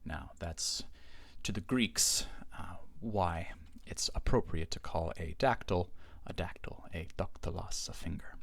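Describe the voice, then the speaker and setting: A man's voice: deep voice, a little slow, creaky, hardly any pauses, no echo. A man teaching a language grammar lesson as a patient, explanatory voice-over on slides. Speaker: Greek teacher.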